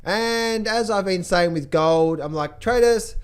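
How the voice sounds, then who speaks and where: A man giving a casual trading market update, excitable and jokey, often repeating his phrases. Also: high voice, a little slow, smooth. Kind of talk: animated casual market commentary.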